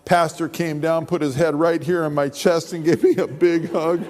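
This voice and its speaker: A man who is a pastor, giving his testimony as an animated storyteller who acts out the voices. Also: on the high side, moderate pace, few pauses. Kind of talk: sermon testimony. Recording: long reverb of a large hall.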